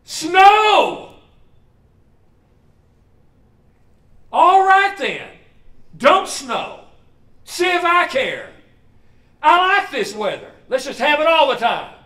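A man voicing a small, impatient cartoon boy, calling out high and strained. He is heard in a roomy space, set back from the microphone. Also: sing-song, takes it slowly, pushed and bright, far from the mic, exaggerated voice. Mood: frustrated.

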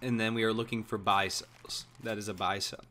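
A young man streaming, chatting casually and joking while he plays, his voice hoarse. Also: on the low side, a little fast, a little hiss or hum. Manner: lively, chatty, jokey. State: hoarse, coughing. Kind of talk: casual chat while gaming.

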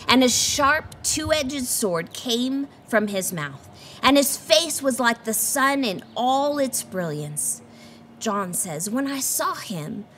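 A woman's voice: fairly high pitch, a bit bright, a little hiss or hum. A woman pastor giving an earnest sermon and reading scripture aloud. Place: church.

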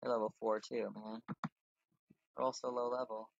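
A gaming channel host rambles casually through let's-play commentary, thinking aloud as he plays and making fun of himself. His mid-range, creaky voice shows little pitch movement at a moderate pace, recorded on a dull, lo-fi, dry mic.

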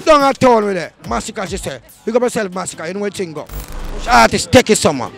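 Loud, hyped Jamaican man with a high voice. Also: expressive, fairly quick, gravelly, soft background music. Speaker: street interviewer. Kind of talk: vox pop street interview.

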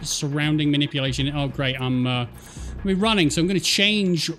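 A man giving jokey, excitable let's play commentary, swearing at the game as he plays. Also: a little high, normal speed, faint music behind. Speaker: gaming streamer.

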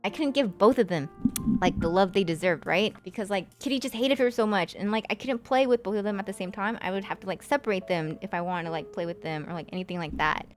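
A woman's voice: mid-range voice, fairly quick, soft background music. A young woman streamer chatting casually with her viewers and telling a sad personal story, with lots of "like" fillers. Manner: chatty, many fillers like "like", emotional.

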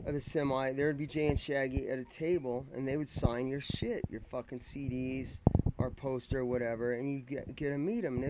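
A man's voice: mid-range voice, darkish tone, slight background noise. A man telling a long, rambling story in casual vlog style, swearing freely and often restarting his sentences. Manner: rambling, profane, with many restarts. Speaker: vlogger telling a fan story.

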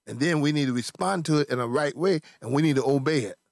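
A man preaching a sermon in a cadence, pressing each point through repetition. His voice sits a little high for a man. The sound is dry and close, with little room echo. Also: fast, gravelly. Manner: preaching with repetition and rising emphasis. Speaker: pastor.

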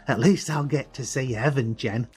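Lively boy, quick with a joke, read by a male narrator in a storybook. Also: medium pitch, slightly rough, faint music behind. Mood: joking. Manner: lively, joshing banter. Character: excitable joking young boy.

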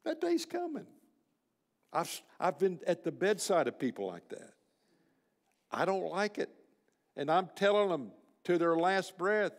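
An older man with a drawl delivers a blunt, folksy sermon to a room of men. His voice sits a little high for a man, and it rings out with a long echo in a large hall. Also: big pitch swings, a little slow, long pauses. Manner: folksy, blunt, emphatic preaching. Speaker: speaker at a men's luncheon. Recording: reverberant hall.

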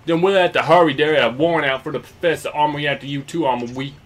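A man's voice: on the high side, quick pace, a bit bright. Brash man dubbing game lines. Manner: reads hero lines brashly, jokes in asides. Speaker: game player. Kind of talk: let's play with dubbed dialogue.

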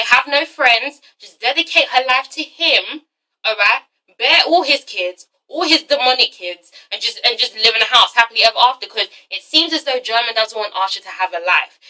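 A young woman with a high, bright voice, casually reviewing a TV episode for her vlog. She is sassy and swears freely, tagging nearly every point with a pointed "okay?". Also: rough recording. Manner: sassy, profane, tags lines with "okay?".

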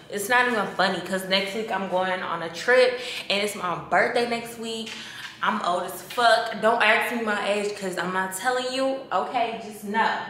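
A woman's voice: mid-range voice, pushed and bright. A woman vlogging casually from her bedroom, chatty and slangy, swearing freely and talking into a handheld phone camera. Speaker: lifestyle vlogger. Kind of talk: casual chatty vlog talk. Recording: echoey room with faint background noise.

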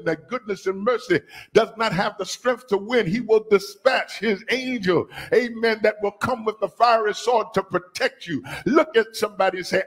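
A man preaching a sermon as bishop, calling on the congregation to repeat after him and rising to shouts. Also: sits high, moderate pace, husky. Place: church sanctuary.

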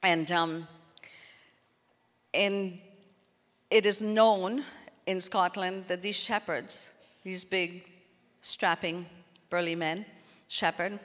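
A woman's voice: on the low side, steady tone, slow pace, long pauses, fairly bright tone. A woman pastor preaching a sermon in an earnest, conversational way, turning often to the congregation with asides. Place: church hall. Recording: long hall reverb.

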